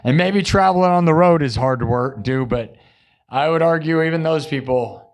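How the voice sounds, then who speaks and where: A man's voice: on the high side, normal speed, no room sound. A man hosting a live music stream, chatting with viewers in a boastful, defensive way. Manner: boastful, defensive, talking to chat. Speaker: livestream host and musician. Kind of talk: casual livestream chat.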